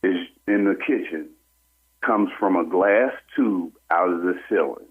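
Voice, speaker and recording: A man on a telephone call tells his story with animation, slipping into the voices of the people involved. His voice sits low and sounds husky. It comes through a thin, tinny phone line. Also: a little slow. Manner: animated storyteller who acts out what others said. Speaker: caller. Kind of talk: telling a personal story on a call-in radio show. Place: on a phone call into a radio show.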